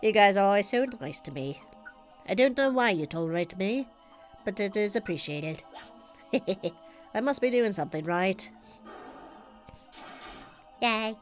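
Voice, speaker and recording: A woman's voice: mid-range voice, expressive, normal speed, soft background music. A woman streaming a game, chatting casually with a stuffy nose, giggling and rambling through stories. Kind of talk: casual live-stream chat.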